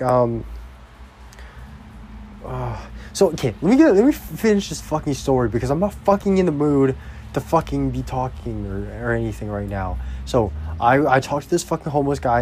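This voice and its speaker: There's a faint hiss or hum under this young vlogger's medium-pitched, darkish voice. He rants at a slow pace, rambling across topics and cursing a lot in a casual way.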